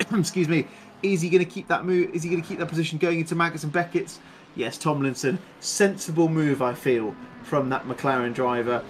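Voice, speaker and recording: Excitable man calling a sim race. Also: fairly high pitch, slight background noise. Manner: excitable, chatty, laughs often, rapid play-by-play. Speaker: lead race commentator. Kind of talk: sim racing live commentary.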